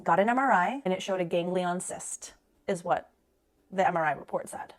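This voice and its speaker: A woman in her thirties telling a personal story in a rapid, conversational way, full of "like" fillers. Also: on the low side.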